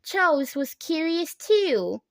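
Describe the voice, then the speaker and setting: A woman reading a children's chapter book aloud, unhurried and clear. Her voice is high and she takes her time. The sound is close and dry, with no room echo. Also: big pitch swings. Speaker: storybook reader. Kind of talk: children's audiobook narration.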